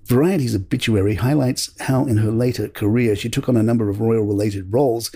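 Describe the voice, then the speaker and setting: A man hosting a podcast, reading royal news headlines from a script in a measured, steady way. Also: fairly low pitch, husky. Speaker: podcast host.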